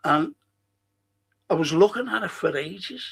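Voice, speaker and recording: A man's voice: high voice, animated, unhurried, creaky, fairly bright tone, slightly rough. An older man with a Liverpool accent, hosting a football podcast in a casual, rambling live-stream chat, swearing freely and reading out viewers' comments. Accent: Liverpool (Scouse). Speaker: podcast host.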